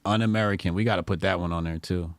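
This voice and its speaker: A man's voice: low-pitched, fairly even intonation, fast talker, vocal fry, no echo, clean studio sound. A man giving casual, mocking reaction commentary as a streamer, exasperated and profane.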